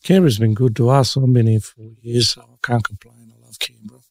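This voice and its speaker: An Australian man hosting a casual interview, telling animated stories and laughing often. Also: medium pitch, a little fast, dry recording. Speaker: host.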